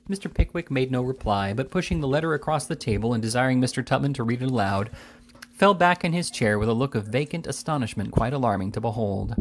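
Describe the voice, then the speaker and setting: A man reading a classic novel aloud in a steady, measured storytelling manner. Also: mid-range voice. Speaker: reader. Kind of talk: audiobook narration of a classic novel.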